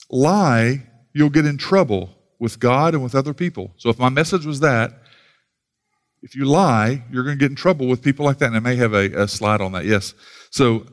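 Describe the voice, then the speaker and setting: A man teaching about preaching, emphatic and full of rhetorical questions. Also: mid-range voice. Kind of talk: teaching talk.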